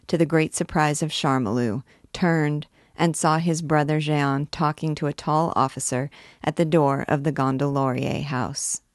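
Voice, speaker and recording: A woman, a literature teacher, reading a classic novel aloud in a clear, expressive way. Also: low-pitched, dry recording, studio quality.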